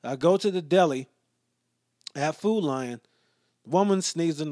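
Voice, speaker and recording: A man telling a story in a casual rant, profane and exasperated, sometimes dropping to low muttered asides. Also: measured pace, long pauses, a little mellow, no echo, studio quality.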